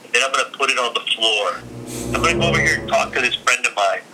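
A middle-aged man, a podcast guest, telling a story in casual chat and acting out every quoted voice in animated bursts. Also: mid-range voice, fast talker, noisy background.

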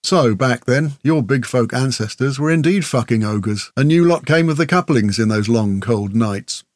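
A man reading fantasy audiobook narration in a steady, measured storytelling manner. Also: medium pitch, dry recording, studio quality.

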